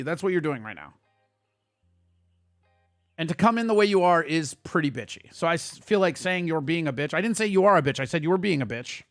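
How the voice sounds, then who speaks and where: A man hosting a casual livestream, ranting at his chat in a quick, profane and heated way. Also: on the high side, lively intonation, fairly bright tone, no room sound, studio quality, faint music behind. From Italian heritage. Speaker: streamer host.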